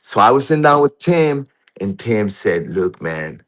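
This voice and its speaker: A man telling a story as a guest in casual conversation, halting and restarting often, with rough, profane speech. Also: medium pitch, lively intonation.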